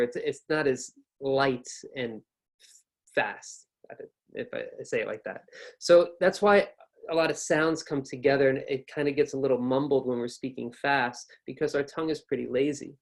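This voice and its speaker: A young man with an American accent leads an online lesson on pronunciation. He talks in a relaxed, explanatory way and sounds out each example himself. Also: on the high side, normal speed. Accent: General American. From North America. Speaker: pronunciation teacher.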